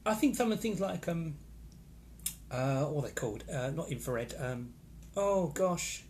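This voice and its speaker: A man's voice: mid-range voice, gravelly, a little mellow, slight background noise. A man hosting a casual live stream, chatting with opinions and greeting viewers by name as he reads their comments. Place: holiday location in Florida.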